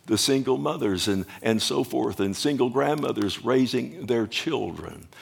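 A man's voice: medium pitch, lively intonation, measured pace, gravelly, slightly rough. A man, a pastor, preaching a sermon and asking his congregation rhetorical questions.

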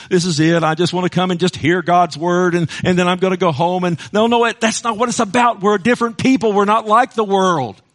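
A middle-aged man preaching a passionate sermon, swinging between hushed, intimate moments and loud, rousing ones. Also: sits high. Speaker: pastor.

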